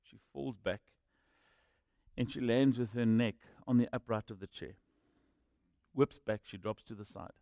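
A man preaching a sermon and telling personal stories, moving between loud emphatic lines and quiet asides. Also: mid-range voice, a little slow, creaky, no echo, studio quality. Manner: storytelling, swinging from loud emphasis to hushed asides.

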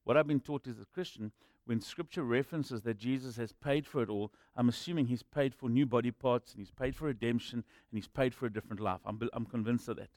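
A man preaching a sermon and telling personal stories, moving between loud emphatic lines and quiet asides. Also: medium pitch, fairly quick, hardly any pauses, no echo, clean studio sound. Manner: storytelling, swinging from loud emphasis to hushed asides.

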